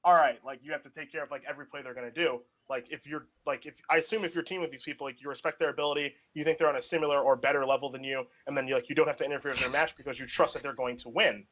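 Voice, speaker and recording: A man's voice: mid-range voice, fairly even intonation, racing, hardly any pauses, a bit bright. A young man co-hosting a casual chat, telling rambling anecdotes packed with filler words. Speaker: podcast co-host.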